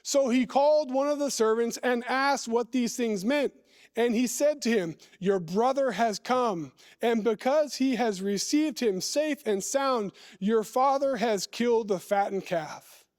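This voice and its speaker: A man preaching a sermon in a church. He reads scripture and talks deliberately, stretching words and putting questions to the listeners. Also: extremely high pitch, darkish tone.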